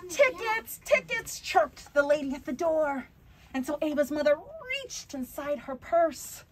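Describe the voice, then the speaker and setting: A woman, a picture-book author, reading aloud to children at a bookstore, playful and expressive and chatting with her audience. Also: high-pitched, measured pace, a little hiss or hum. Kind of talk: animated read-aloud for kids.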